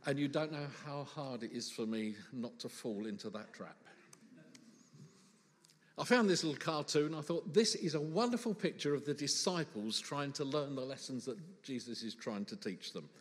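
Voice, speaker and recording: A man's voice: medium pitch, normal speed, big-room sound. A man preaching a sermon in church, conversational and humorous, full of rhetorical questions.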